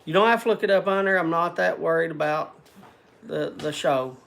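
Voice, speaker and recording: A man's voice: fairly high pitch, moderate pace, gravelly, a bit bright. An older man hosting a livestream, chatting with viewers in a rambling, folksy, self-deprecating way. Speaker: livestream host. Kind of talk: casual chat to viewers.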